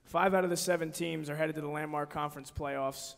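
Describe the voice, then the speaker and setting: A man's voice: fairly high pitch, fairly even intonation, brisk, gravelly, a bit bright. A man presenting at an award ceremony, giving an upbeat scripted announcement. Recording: long hall reverb.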